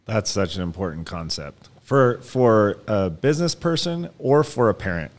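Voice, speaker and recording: A man's voice: fairly low pitch, expressive, normal speed. A man hosting a podcast interview, asking long, searching questions of his guest. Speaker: podcast host.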